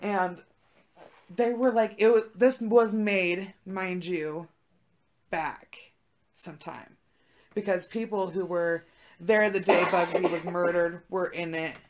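A woman's voice: lowish voice, fairly even intonation, slow, a little hiss or hum. Casual, profane young woman storyteller. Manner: profane, laid-back storytelling with lots of "like". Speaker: podcast co-host. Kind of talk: casual chat.

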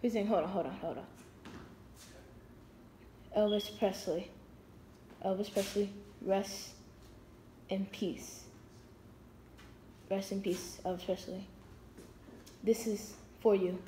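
Hushed woman in an echoey room. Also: fairly even intonation, slow, pauses often. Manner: speaks softly, low and hushed, relaying quoted phrases. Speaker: vlogger relaying messages from a spirit. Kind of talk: hushed paranormal narration. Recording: echoey room with faint noise.

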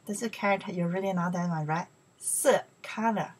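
A woman teaching beginner Chinese, saying each word slowly and asking the listener to repeat it, with soft-spoken English asides. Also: mid-range voice, breathy edge. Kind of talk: slow beginner language lesson.

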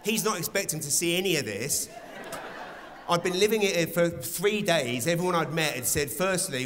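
A man in his forties performing live stand-up comedy in a large theatre, animated and building to loud exclamations. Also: on the high side, normal speed, slight background noise. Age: 40s. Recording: reverberant live theatre with audience.

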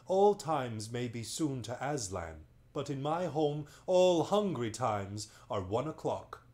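A man's voice: mid-range voice, big pitch swings, takes it slowly, darkish tone. A man reading a bedtime story aloud, voicing a kindly, sleepy old male magician who is genial and chatty.

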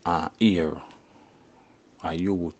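A man's voice: low-pitched, steady tone, extremely slow, a little mellow. A young Jamaican man speaking in patois in a casual interview, tagging his phrases with "you see me" and "you know".

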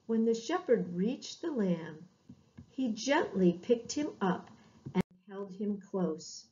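A woman reading a children's Bible story for Sunday school, expressive and drawn out, with bleated lamb sounds. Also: on the high side, takes it slowly. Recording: dull lo-fi recording.

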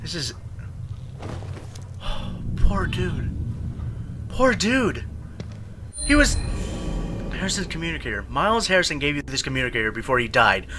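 A young man commentating a horror game, hoarse from screaming, who yells and swears at scares and mutters between them. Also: on the high side, big pitch swings, a little slow, long pauses, background noise. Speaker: gaming video host.

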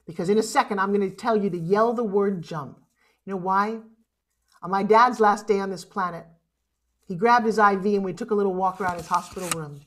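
A woman's voice: medium pitch, fairly quick. A woman giving a motivational keynote, speaking with emphasis and rousing the audience. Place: online summit.

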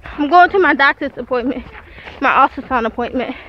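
A woman's voice: sits high, fairly quick, highs cut off, a little hiss or hum. Breathless young woman vlogging outdoors. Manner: breathless, talking while walking. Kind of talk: casual vlog chat. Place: outdoors in snow.

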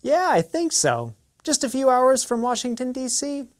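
A woman playing a curious learner in a scripted English lesson video, answering in a measured way. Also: high voice, big pitch swings. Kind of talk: scripted educational dialogue.

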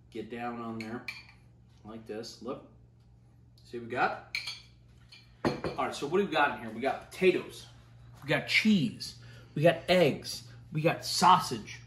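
A man's voice: medium pitch, noisy background. Dude cooking in his kitchen, swearing and hyping the food, roomy sound, mic kinda far off. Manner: loose, swearing, hyped-up kitchen banter. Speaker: cooking show host. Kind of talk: casual cooking demonstration.

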